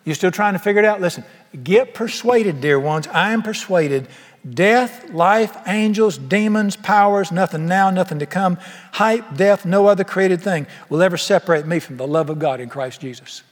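A male pastor delivers a sermon in a folksy, emphatic way, peppering the congregation with rhetorical questions. His voice sits high for a man. The sound carries a long reverb from a large church auditorium. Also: moderate pace.

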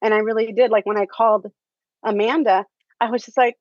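A woman's voice: fairly high pitch, no room sound, muffled recording. Chatty woman full of fillers. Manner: halting, many fillers, laughs often. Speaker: theater teacher, interview guest. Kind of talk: casual interview chat.

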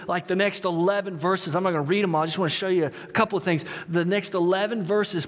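A man preaching a sermon in a high, lively voice, repeating himself as he builds and calling on the congregation to answer. His words ring out with the long reverb of a large church hall. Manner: animated, repeats words, talks directly to congregation. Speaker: pastor.

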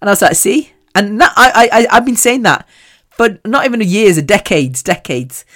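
A woman hosting a podcast, talking casually and telling animated stories with frequent laughs. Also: mid-range voice, moderate pace. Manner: chatty, animated storytelling; laughs often. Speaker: podcast host. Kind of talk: casual chat.

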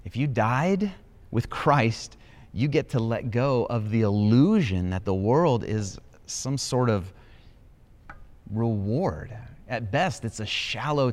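A man preaching a sermon as pastor, telling stories with rising excitement. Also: mid-range voice. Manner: animated storytelling with rising excitement. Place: church auditorium.

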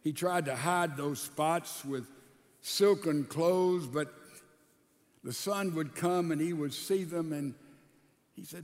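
Folksy preacher with a high voice in a reverberant hall. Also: male voice, slow pace, pauses often. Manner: folksy retelling, voicing characters in quotes. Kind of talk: storytelling sermon.

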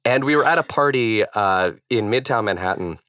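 A man in his thirties, a stage actor and guest, telling a story casually with lots of fillers and restarts in a naturally low voice. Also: animated, normal speed, fairly bright tone, no echo, studio quality. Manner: rambling, hesitant, many fillers and restarts.

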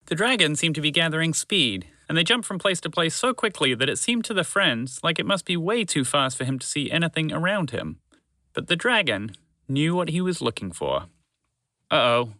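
A man narrating a children's story to listeners in a gentle, unhurried, expressive way. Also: a little high, no room sound.

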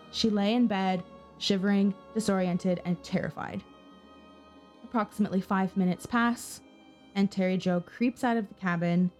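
A podcast co-host with a medium-pitched, slightly mellow voice tells a true-crime story in a casual, chatty way. She swears freely and acts out the people she quotes.

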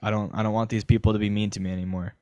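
A man putting on a flustered, whiny rich team owner in a quick aside during a casual chat. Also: fairly low pitch, flat delivery, mellow, clear, resonant tone, dry recording, voice pushed down, natural voice.

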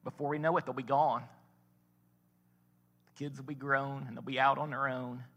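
A man's voice: medium pitch, level tone, moderate pace, fairly bright tone, in a large hall, muffled recording. A man preaching a sermon as a pastor, telling a story in a folksy way and building to emphatic points.

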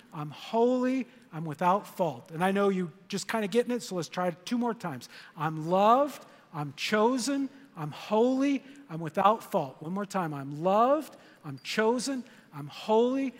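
An older man, a grandfather, preaching a sermon in a church auditorium, animated and leading the congregation in repeated phrases. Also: sits high, in a large hall. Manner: animated, storytelling with congregation call-and-response. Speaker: pastor.

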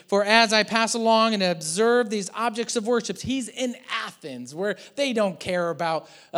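Pastor guy preaching, kinda high voice, chatty and funny, goes quiet then loud. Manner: conversational storytelling with humor; animated, swings from quiet to loud. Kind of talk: sermon.

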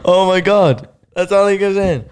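A man's voice: sits high, moderate pace, a little mellow, clean tone, no echo. A man chatting with friends, sweary and laughing a lot. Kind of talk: casual banter with friends.

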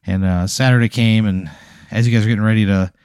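A man improvising a deadpan, escalating comedic story, acting out quotes from the people in it. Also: fairly low pitch, fast talker, smooth, dry recording. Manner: deadpan, escalating absurd narration with acted-out quotes. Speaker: podcast host.

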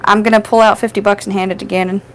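A woman's voice: medium pitch, level tone, rapid-fire, fairly bright tone, faint music behind, low-quality recording. Easygoing woman tabletop player. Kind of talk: casual tabletop play.

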